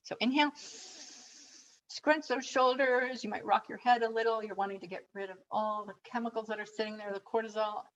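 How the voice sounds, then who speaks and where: A woman coach leading a calm guided relaxation and breathing exercise, giving gentle step-by-step instructions. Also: mid-range voice, fast talker, hardly any pauses, dull audio.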